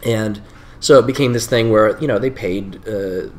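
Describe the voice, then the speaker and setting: A man in his forties talks as a guest in a casual podcast interview, his voice sitting a little low. He tells his stories in a rambling way, often stopping to correct himself before pressing on. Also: normal speed. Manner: rambling, self-correcting storyteller. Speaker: improv director and teacher, podcast guest.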